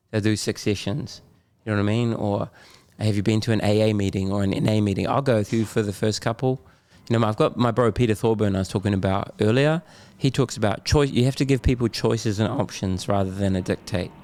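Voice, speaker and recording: A man's voice: fairly low pitch, darkish tone, no echo, studio quality. A middle-aged man with a New Zealand accent, talking candidly and loosely as a podcast guest, with slang and laughs. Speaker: podcast guest, Muay Thai champion. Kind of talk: candid casual conversation.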